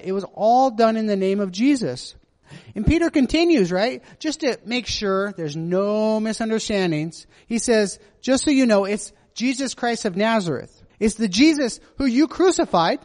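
A long hall echo trails this sermon, where a man with a high, somewhat mellow voice speaks earnestly and confessionally. He keeps turning to the audience with a questioning "right?".

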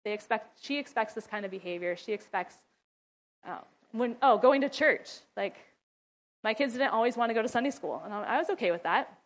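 A middle-aged woman talks through parenting advice in a loose, chatty way, breaking into laughter often. Her voice sits a little high, and she slips into a firm, scolding tone when she acts out what she tells her kids. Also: animated, a little fast. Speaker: mother and ministry wife giving parenting advice. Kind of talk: casual advice talk.

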